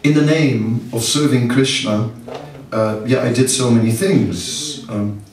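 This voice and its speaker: Slow, laughing monk in an echoey hall. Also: male voice, mid-range voice, darkish tone. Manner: self-mocking and anecdotal, laughing often, rambling with fillers. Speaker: monk teaching a seminar. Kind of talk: spiritual talk to a live audience. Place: large seminar hall. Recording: echoey hall, distant mic, audience.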